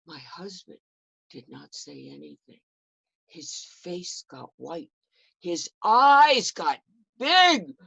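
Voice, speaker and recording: Slow, gravelly woman telling a dramatic history. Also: lowish voice, animated, a bit bright, no room sound. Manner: dramatic, emotional storytelling. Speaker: historical portrayer. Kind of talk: first-person historical storytelling. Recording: dull lo-fi recording.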